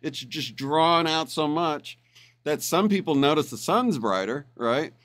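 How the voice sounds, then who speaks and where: A man's voice: fairly high pitch, animated, a little slow, a bit bright. A man who is a guest on a podcast, explaining his ideas in a thoughtful way. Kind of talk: podcast conversation.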